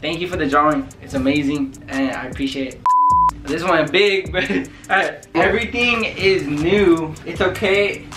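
Excited young man over background music. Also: fairly high pitch, normal speed. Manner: excited, slangy, thankful. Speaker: YouTuber. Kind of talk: unboxing vlog. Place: home. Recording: music playing under the voice.

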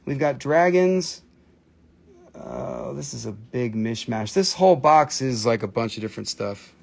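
A man's voice: mid-range voice, lively intonation, unhurried, gravelly. A man chatting through a live sales stream of crystals, playful and joking, slipping into put-on broken-English voices.

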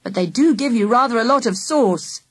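A woman's voice: fairly high pitch, animated, moderate pace, slightly rough. A woman voicing a cheerful uncle who used to be a travelling salesman, speaking in a knowing, matter-of-fact way.

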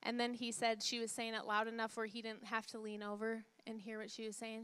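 A woman pastor preaching a sermon, emphatic, repeating phrases and asking the congregation questions, dropping to a soft hush when she retells a story. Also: fairly high pitch, level tone, normal speed, hardly any pauses, clear, resonant tone.

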